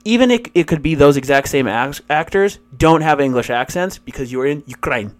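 A man's voice: a little high, lively intonation, brisk. A man co-hosting a podcast, rambling through casual stories, swearing and laughing often. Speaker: podcast co-host. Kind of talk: casual podcast chat and anecdote.

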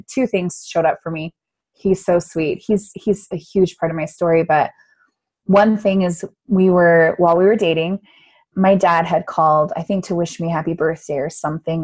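A woman in her thirties, from the United States, telling her own life story as an interview guest, often acting out her younger self with big swings in voice. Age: 30s. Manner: animated, acts out her own past voice with big pitch jumps. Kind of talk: casual personal interview storytelling.

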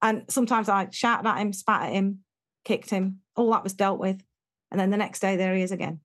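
A woman's voice: medium pitch, animated, a little fast. A middle-aged English woman, a guest in an interview, telling her life story frankly and animatedly, acting out the people she quotes.

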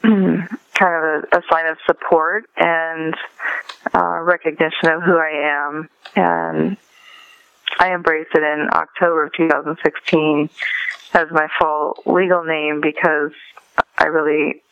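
Soft-spoken woman on a dull phone line. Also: low voice, little pitch movement, measured pace, gravelly, clean tone. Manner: hesitant, soft, many fillers. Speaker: author and guest. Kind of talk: interview over a phone call.

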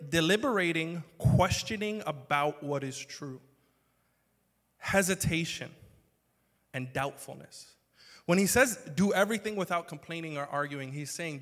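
Animated pastor preaching in a reverberant hall. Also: male voice, on the high side. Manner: conversational, joking, swings to loud emphatic bursts. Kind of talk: sermon.

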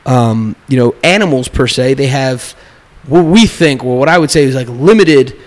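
A man in casual conversation, talking in an animated way, restarting his sentences and acting out what other people say. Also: mid-range voice, normal speed. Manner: animated, restarts often, acts out quoted speech.

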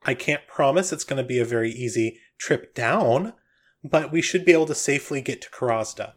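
Etrata is a calm, brisk woman leading a group onward, speaking in a quiet, matter-of-fact way. A man voices her in a tabletop game, close to his own voice. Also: mid-range voice, close to an everyday voice.

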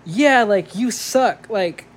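A man's voice: high voice, animated, slow pace, full character voice. A man doing a rude, drunk woman partygoer. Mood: scornful. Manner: snapping, cursing.

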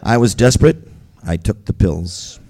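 A man's voice: lowish voice, lively intonation, unhurried, warm tone, husky. A man reading his own first-person memoir aloud as a storyteller, vivid, wry and gritty.

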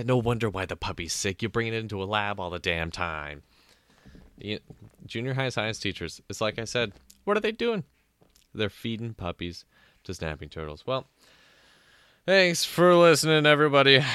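A man with a low voice that swings widely in pitch, hosting his own podcast. He riffs sarcastically through a casual comedic monologue and slips into put-on voices for bits. The sound is dry and close. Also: fairly bright tone, clean tone, dry recording. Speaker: podcast host.

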